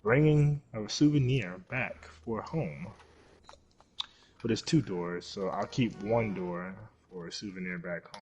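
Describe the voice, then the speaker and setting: A young man giving live gameplay commentary as a streamer, excitable, yelping and swearing at the game. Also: fairly low pitch, measured pace, lo-fi sound, a little hiss or hum. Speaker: gaming streamer.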